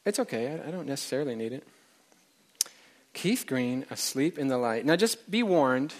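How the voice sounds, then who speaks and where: A man's voice: medium pitch, animated, moderate pace. A man preaching a conversational sermon to a live congregation, chatting directly with the people in the room.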